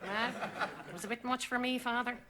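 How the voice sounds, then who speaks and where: A woman's voice: a little high, brisk, heavy background noise, lightly acted. An actress playing a fussy, prim older Irish housekeeper with an Irish accent, who is gleefully scandalized as she repeats swear words. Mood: scandalized gossip. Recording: sitcom clip with loud audience laughter. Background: studio audience laughing.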